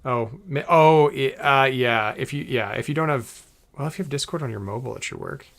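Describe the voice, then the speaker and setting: Gravelly-voiced man chatting on a stream. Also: mid-range voice, fairly quick, fairly bright tone. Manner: giggly, muttering to himself while he works. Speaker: streamer editing a podcast. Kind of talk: casual live-stream chat.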